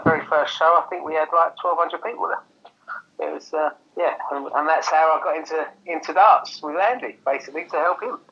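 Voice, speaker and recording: Man, promoter guest, chatty storyteller, muffled phone-like line. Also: on the high side. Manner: chatty, laughing, acts out dialogue. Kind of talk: casual interview storytelling.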